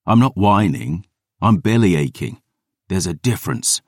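A man voicing a gruff, sardonic hero in an audiobook, grumbling and sarcastic. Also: low-pitched, animated, moderate pace, a little mellow, no room sound, clean studio sound. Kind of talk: audiobook character reading.

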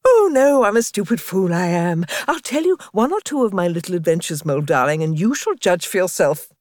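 A woman voicing a boastful, excitable female toad in a storybook reading, bragging and gushing in a raised voice. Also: fairly low pitch, fairly quick, no echo, studio quality.

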